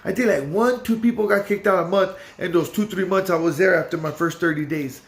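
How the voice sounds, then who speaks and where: A loud young man, casually telling his own story in street slang and acting out what people said. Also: high voice, fairly quick.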